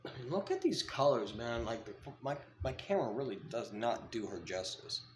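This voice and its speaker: A man who breeds pythons rambles casually about his animals, with plenty of fillers and restarts, now and then cooing softly to the snakes. His voice is mid-pitched and sits in an echoey room with a faint hum of background noise. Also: very animated, normal speed. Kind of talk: casual vlog.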